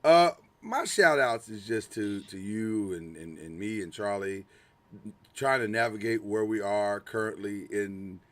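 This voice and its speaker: A man co-hosting a sports podcast in casual, animated chat, often repeating words and laughing. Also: fairly low pitch, a little slow. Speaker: podcast co-host.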